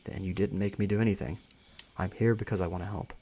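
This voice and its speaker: A calm young man speaks softly and reassuringly, talking someone down from a panic, read by a man in his own low voice. The delivery is steady and kind. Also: fast talker, a little hiss or hum. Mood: soothing. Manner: soothing, reassuring. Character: calm, gentle young man comforting a friend.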